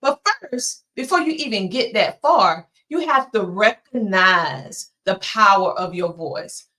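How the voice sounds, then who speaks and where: A woman with a Southern twang giving an earnest, emphatic motivational presentation with dramatic pauses. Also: mid-range voice, animated, sharp tone. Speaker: motivational speaker.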